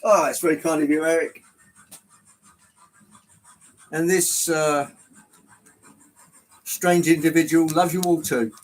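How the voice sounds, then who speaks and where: Middle-aged male livestream host, fairly high-pitched, chatty and exclamatory, casual hobby-room talk. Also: fairly even intonation, slow, long pauses, poor audio. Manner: chatty, exclamatory, reads chat aloud. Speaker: livestream host showing model trains. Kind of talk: casual live chat with viewers. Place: indoor hobby room with layout.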